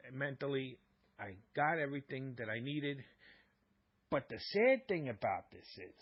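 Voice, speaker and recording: A husky-voiced man telling a long story on a live stream. He rambles and repeats himself, and he acts out both sides of a quarrel. The audio is muffled and lo-fi. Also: mid-range voice. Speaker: live-stream talk host. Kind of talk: casual storytelling monologue.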